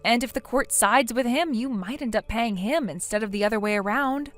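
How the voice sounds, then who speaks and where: A woman's voice: a little high, brisk, faint music behind, natural voice. A synthetic woman voicing a blunt scolding friend. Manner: stern, lecturing. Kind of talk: text-to-speech text story narration.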